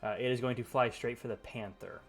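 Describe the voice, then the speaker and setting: A man acting as game master, describing scenes and settling rules in a relaxed way. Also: mid-range voice, a little fast, soft background music. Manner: relaxed, rule-checking, descriptive. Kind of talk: running a tabletop game online.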